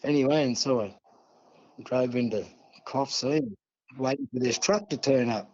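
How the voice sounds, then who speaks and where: A man's voice: medium pitch, moderate pace, a little mellow, muffled recording. A man with an Australian accent, a guest telling a long, rambling story in a casual interview, full of asides.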